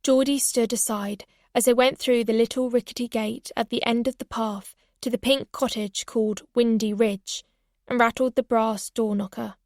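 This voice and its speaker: A woman's voice: on the high side, fairly even intonation, normal speed, no room sound, studio quality. Woman narrating an audiobook. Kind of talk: first-person audiobook narration.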